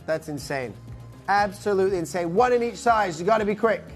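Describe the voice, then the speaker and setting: A man fronts a live shopping broadcast in a studio. His voice sits high for a man, and he sells hard with emphatic praise. Light music runs behind him. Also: lively intonation, fairly quick. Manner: emphatic, hard-selling, teasing. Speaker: shopping channel presenter.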